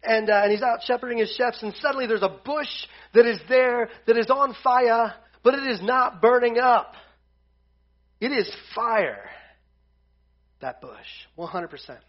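A man's voice: very high-pitched, measured pace. A man teaching a casual Bible lesson to a group. He jokes as he goes and retells scripture in slang. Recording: dull lo-fi sound.

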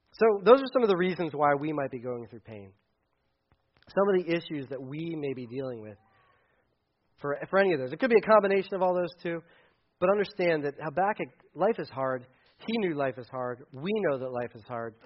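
A man preaching a casual sermon as pastor, animated and conversational, acting out quotes. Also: high-pitched, muffled recording.

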